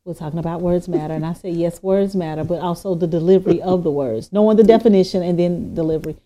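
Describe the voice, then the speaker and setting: A woman co-hosting a podcast, talking in a casual, animated way and acting out quoted speech. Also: lowish voice, fast talker. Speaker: podcast co-host. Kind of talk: casual chat. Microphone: podcast microphone.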